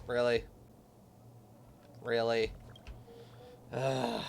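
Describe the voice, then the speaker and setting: A man's voice: medium pitch, moderate pace, pauses often. A man streaming a video game live, chatty and self-deprecating, yawning often as he reads along. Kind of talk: casual live game stream, reading dialogue aloud. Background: faint game music.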